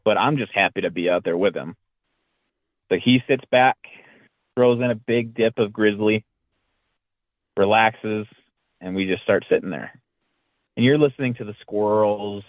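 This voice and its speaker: A podcast guest with a lowish voice tells a story casually, a little slowly and with long pauses, acting out the lines he quotes in a lively way. The line is dry and tinny like a phone, with no echo.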